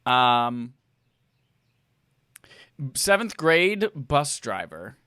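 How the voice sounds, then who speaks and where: A man co-hosting a casual podcast, thinking out loud through a quiz with jokey asides. His pitch leaps around in a lively way, and the sound is close and dry. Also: very slow, clear, resonant tone, dry recording. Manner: thinks aloud, jokey, puts on mock voices. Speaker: podcast co-host playing a quiz.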